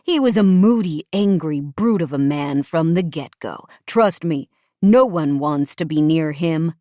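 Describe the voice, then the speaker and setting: A woman's voice: low voice, lively intonation, measured pace, dry recording, clean studio sound. A woman voicing a smug, patronizing man with a Southern US accent, in an audiobook. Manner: crooning, ingratiating, louder.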